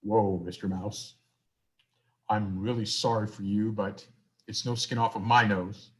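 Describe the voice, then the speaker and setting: A man voicing an indifferent farm cow in a told story, slow and drawling in a lower voice. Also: fairly even intonation, natural voice.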